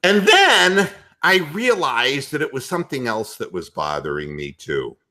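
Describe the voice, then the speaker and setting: A man hosting a sports talk show, ranting loudly and profanely with a comedic bent. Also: medium pitch, a little slow. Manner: loud, profane, animated ranting. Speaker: podcast host.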